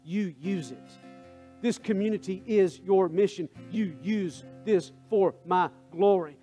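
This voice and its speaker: A male pastor preaching a sermon, swinging between hushed prayer and loud, emphatic calls to the congregation. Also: high voice, measured pace. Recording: faint guitar music underneath.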